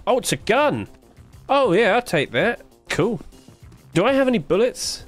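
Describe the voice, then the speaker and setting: A man's voice: high-pitched, big pitch swings, unhurried, faint music behind. A man giving casual gameplay commentary, thinking aloud, puzzled and joking, with plenty of fillers. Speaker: streamer playing a game.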